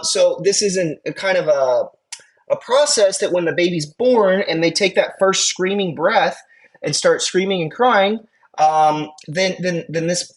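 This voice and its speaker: Chatty EMT instructor lecturing casually. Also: mid-range voice. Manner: casual, chatty, checks in with listeners; frequent fillers and restarts, conversational asides. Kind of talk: classroom lecture.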